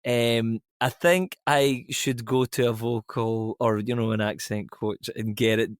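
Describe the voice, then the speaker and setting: A man's voice: medium pitch, steady tone, unhurried, clear, resonant tone, no echo, studio quality. A young adult man, an actor guest chatting casually and poking fun at himself with frequent laughs. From Scotland. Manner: self-deprecating, laughs often, rambling asides. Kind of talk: casual interview chat.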